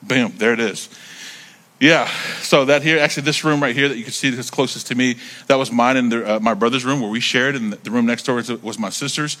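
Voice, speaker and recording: A man in his thirties preaching, telling a story in an animated, conversational way, repeating words as he builds up. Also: mid-range voice, a little fast. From United States. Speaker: pastor. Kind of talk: sermon storytelling.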